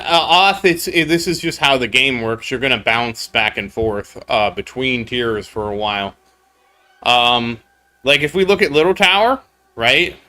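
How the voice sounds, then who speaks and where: A man's voice: mid-range voice, pushed and bright. A man telling a rambling story on a casual game stream, breaking off to answer viewers in chat. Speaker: gaming streamer.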